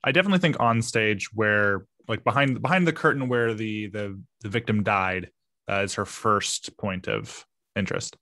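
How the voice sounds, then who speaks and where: A man's voice: lowish voice, normal speed, bright, forceful tone, no echo, clean studio sound. A man playing in a tabletop mystery game, hesitant and polite as he speaks for his character. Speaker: player. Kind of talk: casual chat in a tabletop game.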